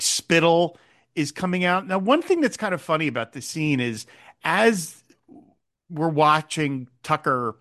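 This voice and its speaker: Podcast co-host, male, slightly high voice, lively casual recap chat. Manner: animated, retells scenes with quoted lines.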